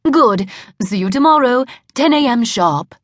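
A woman's voice: on the high side, animated, measured pace, no echo, studio quality, voice pushed up. A woman voicing a pushy, self-important businesswoman who puts on a phony British accent in an audiobook. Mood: haughty. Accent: fake British. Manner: haughty, presumptuous. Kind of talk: audiobook character voice.

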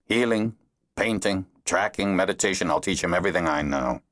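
A man voicing a patient, direct male dragonrider teacher who asks a child questions in a gently probing way. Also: low-pitched, expressive, fairly quick, no room sound, clean studio sound. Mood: earnest.

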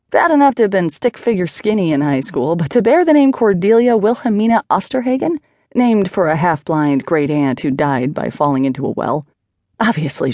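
A woman's voice: sits low, dark tone, no echo. A woman narrating an audiobook in a wry, conversational manner. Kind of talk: scripted narration.

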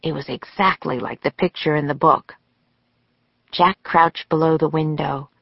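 Brief: woman narrator for a kids' audiobook, low and slow, dry slightly dull studio recording. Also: fairly even intonation, gravelly, breathy edge, dry recording. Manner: slow, deliberate storytelling. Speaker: author and narrator.

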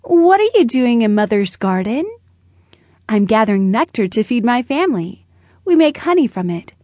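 A woman's voice: on the high side, big pitch swings, normal speed, warm tone, no room sound. A woman doing a busy, proud bumblebee. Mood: explaining. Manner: matter-of-fact, slightly grumbling.

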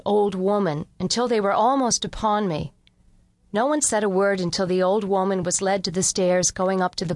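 A woman narrating an unabridged mystery audiobook in the first person, with a measured, wry storytelling delivery. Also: medium pitch, dry recording.

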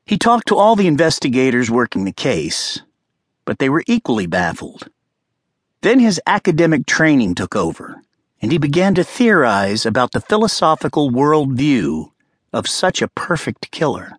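A man narrating an abridged crime thriller audiobook in a steady, grave storytelling manner. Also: medium pitch, normal speed, husky, no echo, studio quality. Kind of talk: scripted narration.

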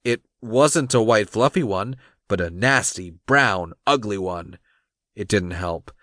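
A man narrating a romance audiobook, reading in an expressive storytelling manner. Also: on the low side, slow, no room sound, studio quality. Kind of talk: scripted narration.

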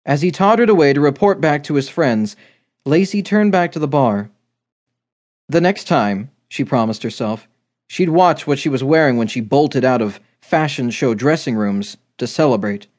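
A male audiobook narrator reading a romance in steady, measured storytelling. His voice sits at an ordinary middle pitch. The delivery is even and unhurried. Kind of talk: scripted narration.

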